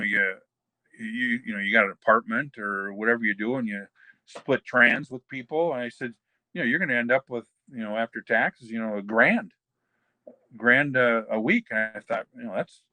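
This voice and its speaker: A man's voice: medium pitch, bright, forceful tone, no room sound, rough recording. An older man, a former wrestler, rambling through anecdotes in a casual interview and quoting other people's words in his own voice. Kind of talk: casual storytelling shoot interview.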